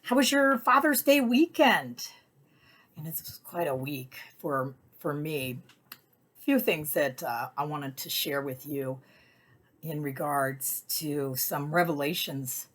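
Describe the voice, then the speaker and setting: A middle-aged woman telling personal stories in a casual, chatty way, often acting out what people said in high voices. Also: measured pace, slightly rough. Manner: chatty, animated, acts out quotes in high voices. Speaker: weekly message host.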